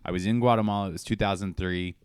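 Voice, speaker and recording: A man co-hosting a podcast in casual chat, telling stories animatedly with sudden loud bursts. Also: deep voice, fairly even intonation, fast talker, clear, resonant tone, no echo. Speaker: podcast co-host.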